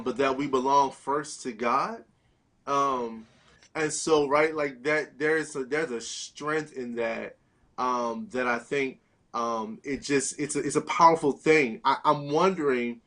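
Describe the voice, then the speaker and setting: A man moderating a faith panel, thanking speakers and asking thoughtful questions with many pauses. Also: medium pitch, pushed and bright.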